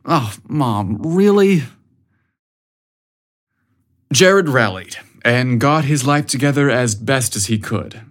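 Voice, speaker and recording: A man narrating an audiobook story in a measured, even way. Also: mid-range voice.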